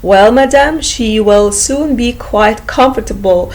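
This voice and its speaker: A woman's voice: on the high side, takes it slowly, a little mellow, rough recording. A woman voicing a polite, cheerful male doctor in a storybook reading.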